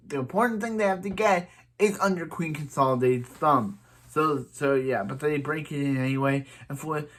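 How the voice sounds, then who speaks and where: A man's voice: fairly high pitch, fairly bright tone. A man casually recapping a TV episode, rambling with many restarts and "he's like" retellings. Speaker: TV episode reviewer.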